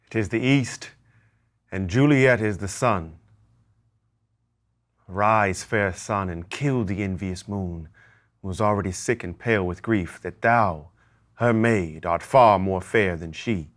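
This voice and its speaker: A male actor reciting Shakespearean verse as the lovestruck young Romeo, in a measured, lyrical delivery. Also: lowish voice.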